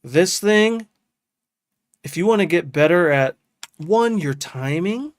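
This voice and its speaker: A man talking casually to his stream, loose and enthusiastic, with "dude" in every other sentence. His voice sits a touch high for a man. The sound is dry and close, with no room around it. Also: animated, slow, no room sound. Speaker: music producer streaming to chat. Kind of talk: casual live-stream chat.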